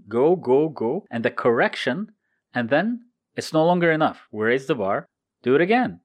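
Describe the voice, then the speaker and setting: A man giving a motivational talk, explaining things step by step and repeating his key points. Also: mid-range voice. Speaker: motivational speaker.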